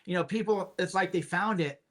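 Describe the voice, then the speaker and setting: A man's voice: high-pitched, fairly quick, fairly bright tone. A man as a podcast guest, talking emphatically in casual chat, repeating points with sardonic asides.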